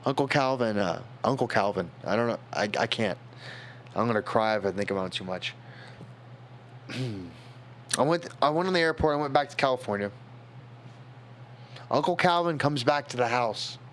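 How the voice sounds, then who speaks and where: A tipsy young man tells a personal story on a stream, in a rambling, halting way with many restarts. His voice sits in a middle pitch, and he gets emotional as he talks. A faint noise hums behind him. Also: lively intonation, fairly bright tone.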